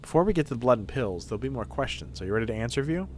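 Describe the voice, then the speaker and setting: A man voicing a calm male doctor who questions a patient, reading game dialogue aloud in a measured, clinical way. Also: mid-range voice, slight background noise, pitched below the performer's own voice.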